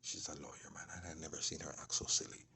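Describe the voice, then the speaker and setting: A man's voice: very deep voice, flat delivery, fast talker, vocal fry, sharp tone, slight background noise. A man telling a long rambling story, often dropping into whispered asides. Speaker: vlogger. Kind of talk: casual storytelling monologue.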